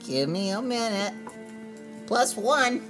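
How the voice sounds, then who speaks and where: A woman playing a tabletop game, chatting in a giggly, animated way over background music. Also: a little high, slow pace. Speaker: player. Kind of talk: casual chat during a streamed game.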